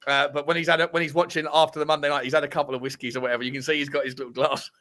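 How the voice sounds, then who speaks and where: A man's voice: fairly high pitch, level tone, racing, bright, forceful tone. Chatty man hosting a football podcast. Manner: chatty, rambling, with ad reads. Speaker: podcast co-host. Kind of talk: casual football chat.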